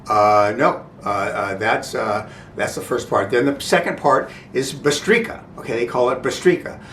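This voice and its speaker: A man explaining breathing exercises in a halting, informal way, often stopping to check "okay?". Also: a bit bright. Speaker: breathing instructor. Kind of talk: informal spoken instruction. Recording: roomy, distant mic, faint rumble.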